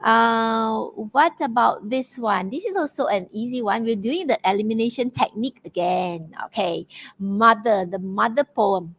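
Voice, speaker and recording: A woman's voice: fairly high pitch, moderate pace, a bit bright, low-quality recording. A woman with a Malaysian English accent, leading an online poetry quiz as teacher, encouraging and praising answers with many fillers and restarts. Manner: filler-heavy, hesitant restarts. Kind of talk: interactive online workshop talk.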